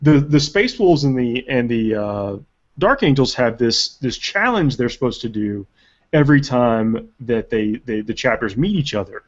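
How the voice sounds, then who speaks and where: A man hosting a casual live webcast chat and reading viewer questions, animated and rambling with restarts. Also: mid-range voice, moderate pace, lo-fi sound. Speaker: webcast host.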